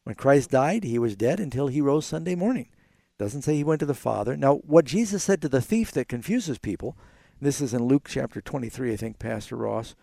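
A man hosting a call-in Bible radio show, with a gravelly, mellow voice that sits low and warm. He explains scripture earnestly, leaning into quoted verses with more energy. The sound is dry and close, straight from a studio mic. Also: expressive, a little fast, dry recording. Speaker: radio Bible program host.

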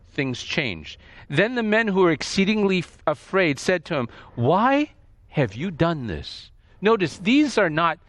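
Expressive male preacher, dry close sound. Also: a little high, no echo. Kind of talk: sermon reading and explaining scripture.

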